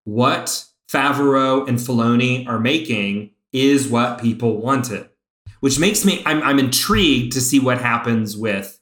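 A man co-hosting a casual chat, an excited fan who talks in bursts, now fast, now slow. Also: mid-range voice. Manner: excited fan, speeds up and slows down. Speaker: podcast co-host. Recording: roomy echo.

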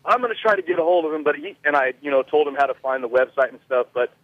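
A man's voice: a little high, quick pace, no echo. A man from California calling in to a radio show, telling a story with frequent laughs. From California, USA. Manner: chatty storyteller, laughs often. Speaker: caller. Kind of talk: casual call-in chat. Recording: tinny phone line.

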